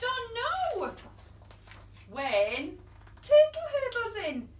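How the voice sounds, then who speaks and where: Woman, children's storyteller, lively up-and-down delivery, echoey room. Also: very high voice, slow, distant mic. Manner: animated, playful, dramatic whispers and gasps. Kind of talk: reading a picture book aloud to children.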